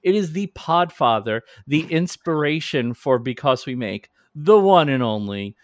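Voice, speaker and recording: A man's voice: a little high, animated, no room sound, studio quality. A man hosting a podcast in casual chat, talkative and self-deprecating. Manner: chatty, self-deprecating, quick restarts. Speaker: podcast host.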